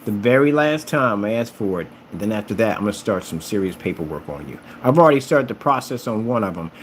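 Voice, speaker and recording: Combative man ranting, lively pitch. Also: fast talker, a little hiss or hum. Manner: combative, mocking, repetitive. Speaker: screen paint maker. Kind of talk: ranting vlog.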